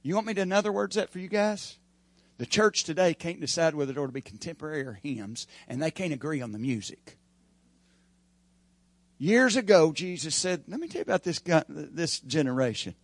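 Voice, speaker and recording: A man delivers a folksy sermon, his slightly high voice swinging between booming emphasis and hushed, confiding asides. The sound is dry and close, with little room around it. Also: animated, brisk, no echo. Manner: folksy preaching that swings from shouting to quiet asides. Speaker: pastor.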